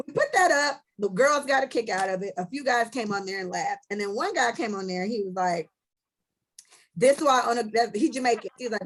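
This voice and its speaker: A woman hosting a casual podcast chat, telling stories in a blunt, animated way with lots of profanity. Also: fairly high pitch, brisk. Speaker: podcast host.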